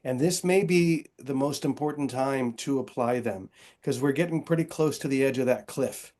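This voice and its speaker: Appearing as a guest on an interview podcast, an author and Episcopal priest talks earnestly and reflectively about his faith and work. His mid-range voice is a little mellow and moderately paced, in a casual conversational exchange.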